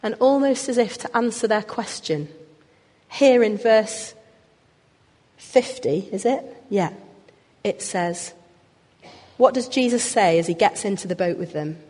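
A woman's voice: mid-range voice, unhurried, long pauses. Woman preaching in an echoing church. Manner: expressive, rising in emphasis on key words. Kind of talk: sermon. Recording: long hall reverb.

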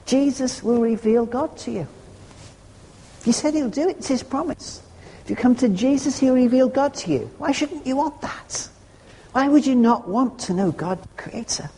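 A man's voice: very high-pitched, animated, moderate pace, mellow, a little hiss or hum. A man preaching a sermon, earnest and conversational, with homely humorous asides. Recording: long hall reverb.

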